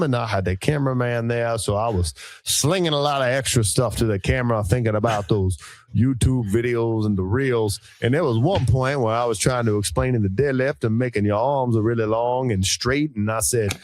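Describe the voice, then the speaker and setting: A man's voice: mid-range voice, no room sound. A man with a Southern US accent, co-hosting a podcast as the strength coach, telling folksy stories in casual banter. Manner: folksy, animated storyteller.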